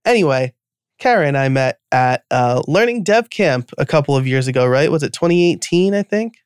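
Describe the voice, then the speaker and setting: A man's voice: fairly high pitch, lively intonation, brisk, clear, resonant tone, no room sound, studio quality. A man with a New York accent hosting a podcast, chatting casually with lots of fillers and self-deprecating asides. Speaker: podcast host.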